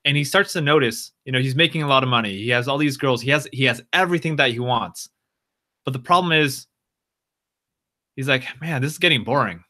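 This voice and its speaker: A man casually improvising a story on a live stream, halting and repeating words with frequent fillers. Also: medium pitch, sharp tone.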